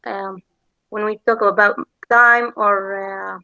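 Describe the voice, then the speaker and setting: Hesitant woman student, gravelly and bright. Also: medium pitch, flat delivery, takes it slowly, dry recording, dull audio. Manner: hesitant, searching for words. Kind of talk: answering in class.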